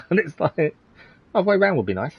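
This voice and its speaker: A man's voice: on the high side, very animated, normal speed, creaky, husky, no room sound, highs cut off. A man commentating casually on a live game stream, chatty and chuckling often as he answers his chat.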